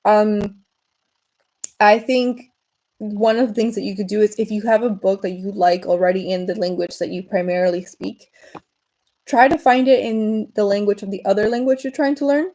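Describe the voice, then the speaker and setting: Woman, mellow tone, loose rambling livestream chat full of fillers. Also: medium pitch, fairly even intonation, normal speed, low-quality recording. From Venezuela. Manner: rambling, frequent fillers and restarts. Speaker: livestream host.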